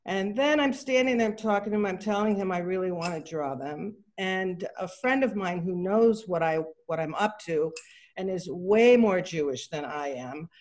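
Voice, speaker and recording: A woman's voice: on the low side, normal speed, darkish tone. Chatty middle-aged woman telling a story. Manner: chatty, acts out quoted dialogue, many fillers and restarts. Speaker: artist giving a talk. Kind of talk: casual anecdotal storytelling. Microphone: video call.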